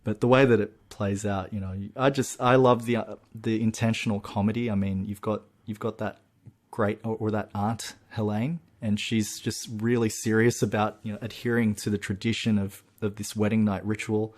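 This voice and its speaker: A man with a lowish voice chats casually as a podcast co-host about a movie he watched. He retells scenes in long, meandering sentences, getting animated as he goes. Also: moderate pace. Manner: animated, recounts plot in long winding sentences. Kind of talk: casual film-review chat.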